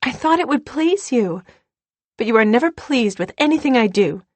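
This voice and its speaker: A woman's voice: on the high side, lively intonation, moderate pace, dry recording, pitched above the performer's own voice. A woman voicing a spirited young girl who speaks in an earnest, indignant way. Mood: hurt.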